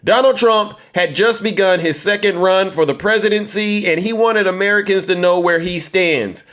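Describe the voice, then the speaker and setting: A man's voice: sits high, normal speed, a bit bright. A man delivering a political commentary monologue in an emphatic, rhetorical way, rallying his audience.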